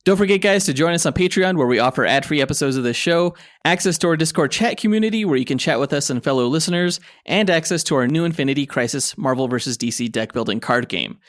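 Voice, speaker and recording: A man's voice: on the high side, lively intonation, quick pace, hardly any pauses, no room sound. Man co-hosting a podcast, dry sound. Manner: upbeat promo reading. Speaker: podcast co-host. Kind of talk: casual podcast chat.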